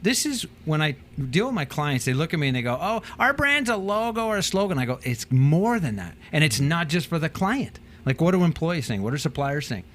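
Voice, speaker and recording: A man talking as a business trainer and guest on a talk show, telling animated stories and acting out quotes in changing voices. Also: on the high side, a little fast, few pauses. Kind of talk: casual talk show chat.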